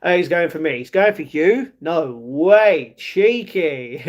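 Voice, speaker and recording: A man's voice: fairly high pitch, lively intonation, slow pace, dull audio. A young man with a London accent hosting a casual livestream, reading viewers' comments aloud and answering them in a chatty way. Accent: London English. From England. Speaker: livestream host reading chat. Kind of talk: casual live chat.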